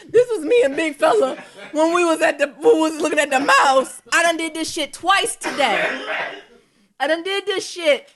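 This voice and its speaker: A woman's voice: high-pitched, lively intonation, moderate pace, fairly bright tone, rough recording. A woman co-hosting a podcast at home, shrieking and swearing in panic during casual chat. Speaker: podcast co-host.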